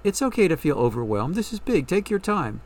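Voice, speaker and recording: A man reading a story, voicing a calm woman fortune teller who asks measured, probing questions. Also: on the high side. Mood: counseling.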